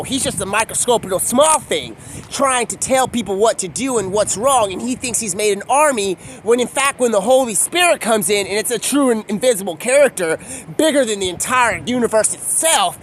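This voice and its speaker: A man's voice: high voice, fairly bright tone, a little hiss or hum. A man talking in a casual, rambling monologue, free-associating from one thing to the next in slangy speech. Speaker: video creator.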